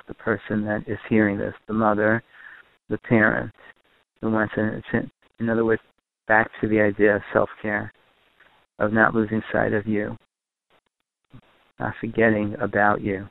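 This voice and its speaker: A man with a low, gravelly voice lectures on family and parenting, circling back to repeat and rephrase his points. His delivery stays fairly level in pitch. The sound is tinny and narrow, like a phone line, and close and dry. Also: no echo. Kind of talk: recorded lecture to a group.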